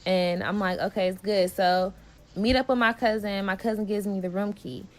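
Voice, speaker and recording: A woman with a Bay Area accent tells a storytime tale in a loose, animated way. She swears freely, leans on slang and acts out each person's lines as she goes. Her voice sits at a middle pitch for a woman. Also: moderate pace. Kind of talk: casual storytime vlog.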